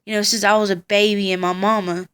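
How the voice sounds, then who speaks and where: A woman's voice: mid-range voice, level tone, quick pace, a bit bright, smooth. A tired young woman telling a personal story on her vlog, blunt and profane as she recounts it. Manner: blunt and profane, heated retelling. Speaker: vlogger.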